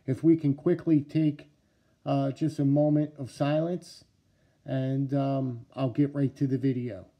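A man with a New Jersey accent, talking casually to camera about his knife collection, halting with many fillers and restarts. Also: mid-range voice, level tone, muffled recording.

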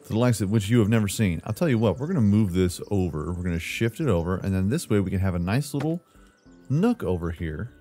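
Playful low-voiced man narrating his gameplay. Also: expressive, fast talker, dark tone, soft background music. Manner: playful, talks to himself, jokey asides like "brother". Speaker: gaming channel host. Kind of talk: casual let's-play commentary.

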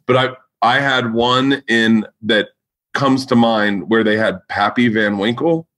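A man's voice: mid-range voice, steady tone, slow pace, a bit bright. A man hosting a podcast, telling rowdy stories in casual chat, swearing freely and acting out quotes in raised voices. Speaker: podcast host.

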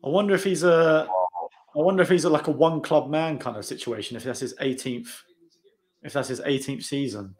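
A man's voice: on the high side, a little fast. A man hosting a live football watch-along, chatting and calling out the play as it happens. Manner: excitable, calls out play as it happens. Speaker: channel host.

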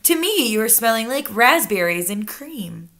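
A stern, wise old grandmother speaks with calm certainty, read by a woman from a children's book. The voice is bright and fairly high, and it rises and falls a lot as she lays down the facts. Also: normal speed. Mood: firm. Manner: firm, matter-of-fact storytelling voice.

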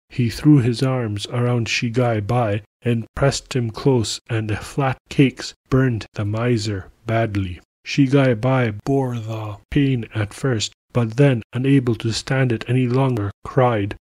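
A man narrating a folk tale aloud for a podcast in a calm, measured way. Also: medium pitch, no echo. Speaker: podcast storyteller.

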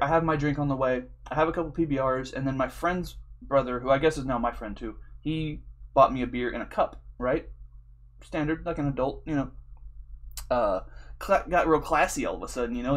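A man's voice: mid-range voice, brisk. Rambling, profane young man telling stories. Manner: rambling, profane and jokey, with frequent "dude" and "you know". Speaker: video game commentator. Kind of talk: casual storytelling over gameplay.

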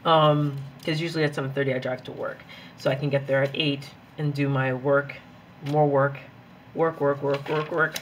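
Chatting while she journals, a young planner vlogger, who's also a grad student and teacher, rambles and giggles, excitable from too much coffee. Her voice is rumbling low at a normal speed, with slight background noise.

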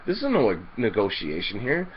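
A man's voice: fairly low pitch, wildly swooping pitch, normal speed, dull audio, slight background noise. A man ranting defiantly in a vlog, swearing freely and hammering his points with emphasis. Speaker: video blogger. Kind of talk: daily rant vlog.

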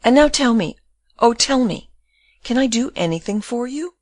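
A woman's voice: a little high, animated, moderate pace, dry recording, clean studio sound, pitched above the performer's own voice. A woman reading the part of a grieving young woman, pleading and tearful. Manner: pleading, tearful, breaking into sobs.

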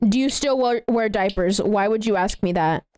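A young woman in her late teens with a girlish, childlike voice, chatting excitedly and giggling as she streams a game and thanks donors. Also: mid-range voice, normal speed, clean tone. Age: young adult. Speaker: live streamer. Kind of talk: casual livestream gaming chatter.

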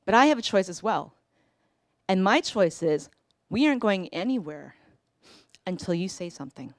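A woman in her forties telling a personal story on a live storytelling stage, conversational, with pauses and self-corrections. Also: mid-range voice, big pitch swings, no echo, clean studio sound.

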